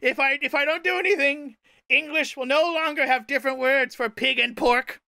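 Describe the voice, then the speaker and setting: A man with a very high, strikingly bright voice and a gravelly edge spins a grandiose, playful tall tale as a live-stream host. His delivery is theatrical, and the sound is close and dry. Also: fairly even intonation, brisk, dry recording. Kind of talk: improvised comedic storytelling on a live stream.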